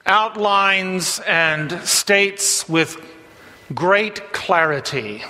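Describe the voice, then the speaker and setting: A man's voice: high voice, expressive, extremely slow, sharp tone, long reverb tail. A male pastor preaching a sermon in a church, telling a folksy story with frequent "uh" fillers before turning to scripture.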